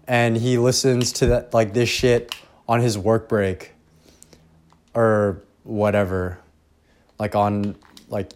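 Slow, rambling young man podcasting. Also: medium pitch. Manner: profane, self-deprecating, trailing off. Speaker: podcast host. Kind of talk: rambling casual monologue. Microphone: headphones and home recording setup.

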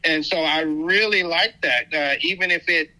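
A man who is a father, responding supportively in a casual podcast chat, speaking haltingly with restarts and "uh". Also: a little high, bright, forceful tone, rough recording. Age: adult father. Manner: affirming, halting speech with restarts and "uh".

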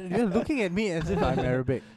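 A man's voice: sits high, sing-song, fast talker, a little mellow. A man teasing and laughing in casual podcast chat. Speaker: podcast co-host.

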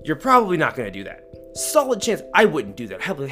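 A young man hosting a podcast, telling a story in casual chat, animated and slangy, acting out the lines he quotes. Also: on the high side, fast, soft background music. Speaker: podcast host.

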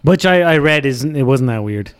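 A man co-hosting a casual podcast, throwing in quick, playful interjections. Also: medium pitch, expressive, slight background noise. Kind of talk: casual chat.

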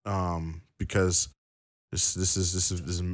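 A man's voice: low-pitched, little pitch movement, a little slow. A man co-hosting a casual wrestling podcast who stammers and restarts, then reads long quotes aloud. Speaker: podcast co-host.

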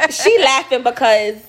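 A young woman with a New York accent, co-hosting a casual podcast chat in a loud, playful, slangy way. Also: high voice. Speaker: podcast co-host.

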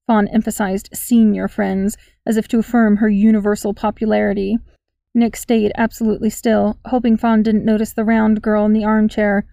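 A woman reading a story aloud in a steady, even storytelling manner. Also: medium pitch, normal speed, gravelly, dry recording. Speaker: audiobook narrator. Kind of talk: scripted narration.

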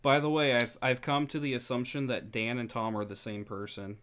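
A man's voice: medium pitch, flat delivery, brisk, a bit bright, a little hiss or hum. A man co-hosting a podcast, chatting casually with rambling jokes and restarts. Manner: joking, rambling, self-interrupting. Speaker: podcast co-host. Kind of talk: casual chat.

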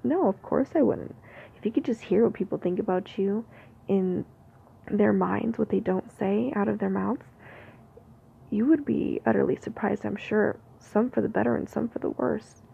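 Whispered ASMR talk: woman, very gravelly fry, rambling unscripted musing, tinny phone-like audio with faint hiss. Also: mid-range voice, moderate pace, warm tone. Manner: unscripted, free-flowing musing.

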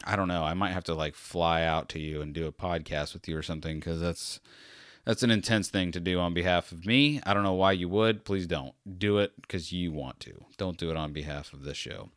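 A man talks alone into a close microphone for his podcast, tired and meandering, with dry, sarcastic, self-deprecating humor. His voice sits on the low side and sounds smooth and resonant. The recording is dry, with no room sound. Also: brisk, fairly bright tone, no echo. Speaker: podcast host. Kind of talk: rambling solo podcast talk.

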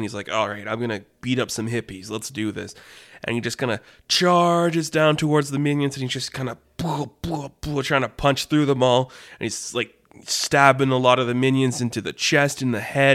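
Male podcast host, middle pitch, animated casual storyteller, loose and rambling. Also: clean tone.

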